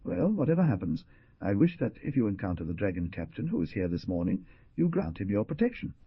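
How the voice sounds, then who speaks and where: Man putting on a young woman, earnest and pleading, husky voice, lively pitch, dull lo-fi recording. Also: a little fast, no room sound. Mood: hesitant. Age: young adult.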